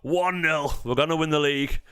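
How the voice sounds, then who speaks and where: A man's voice: on the high side, clear, resonant tone, no room sound, studio quality. Chatty man hosting a watchalong. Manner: chatty, jokey, quick to get excited. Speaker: fan channel host. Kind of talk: live watchalong chat.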